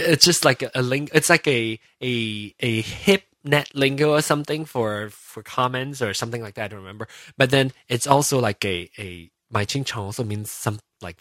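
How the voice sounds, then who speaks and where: A man's voice: mid-range voice, a bit bright, no echo. Rambling, self-mocking male podcast host. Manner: rambling and self-mocking, many fillers and restarts. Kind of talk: casual solo podcast chat.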